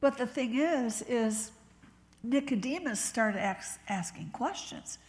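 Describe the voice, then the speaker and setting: A woman's voice: on the high side, lively intonation. Woman preaching in a reverberant church. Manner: conversational storytelling, drops to whispers and acts out quotes; laughs easily, talks slowly. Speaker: bishop preaching. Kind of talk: sermon. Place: church sanctuary. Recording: long reverb of a church hall.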